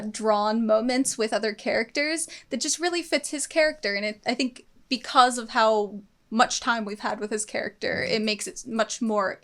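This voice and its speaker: Young woman chatting about a show, kinda high voice, eager, lots of um and like. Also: a bit bright. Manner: enthusiastic, thinks aloud with fillers. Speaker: co-host of an anime reaction channel. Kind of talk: casual discussion.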